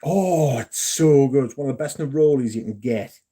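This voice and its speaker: Chatty man, mellow voice. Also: mid-range voice, normal speed, breathy edge. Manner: chatty, swearing, rambling with asides to viewers. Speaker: livestream host. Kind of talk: casual chat.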